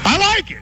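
A man hosting a casual sports talk radio show, animated, laughing often and restarting his sentences. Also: noisy background. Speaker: radio host.

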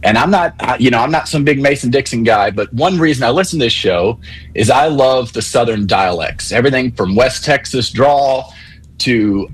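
A man calling in to a sports talk radio show, explaining things in a measured, methodical way. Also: mid-range voice, slightly rough, poor audio. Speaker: caller.

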